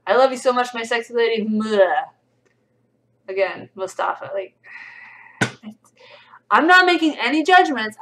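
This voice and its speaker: A woman's voice: fairly high pitch, a bit bright, a little hiss or hum, poor audio. A young woman hosting a casual livestream, reading comments aloud with a dry, sarcastic edge.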